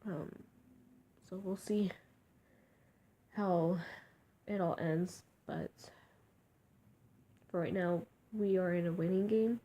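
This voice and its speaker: A young woman talking in a personal vlog, emotional and halting, often trailing off into near-whispers. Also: on the low side, fairly even intonation, mellow, highs cut off. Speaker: vlogger.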